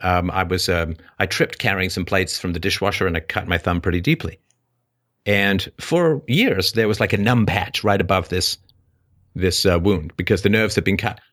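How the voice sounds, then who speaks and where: At a moderate pace, a male call-in host debates a caller, talking over him with forceful lectures and sudden rises in pitch to underline his points.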